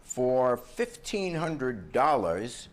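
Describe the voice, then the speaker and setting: A man's voice: medium pitch, very animated, very slow. An older man presiding as a TV judge, questioning with a wry, teasing manner. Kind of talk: courtroom TV show.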